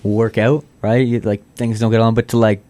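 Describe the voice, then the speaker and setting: A man hosting a casual radio interview in a studio, playful and quick to laugh. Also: lowish voice, little pitch movement, warm tone, no room sound. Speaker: radio host.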